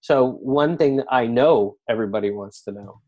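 A man hosting a casual interview, relaxed and a little hesitant as he leads into his questions. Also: mid-range voice, normal speed, muffled recording. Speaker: host.

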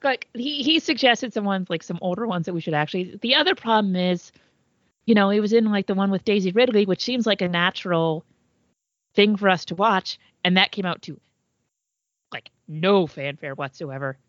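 A woman co-hosting a podcast, chatting casually and swearing freely, often trailing off mid-thought. Her voice sits at a middling pitch. The recording is dry, with a slightly dull, muffled tone. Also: normal speed, no echo. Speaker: podcast co-host. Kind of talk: casual chat.

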